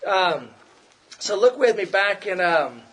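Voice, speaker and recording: A man's voice: high-pitched, very animated, takes it slowly, a bit bright. A middle-aged man preaching a conversational sermon, repeating himself and acting out quoted complaints.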